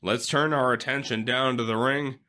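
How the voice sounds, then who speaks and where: A man's voice: mid-range voice, steady tone, normal speed, pushed and bright, natural voice. A man playing a wrestling play-by-play commentator with an emphatic announcer delivery.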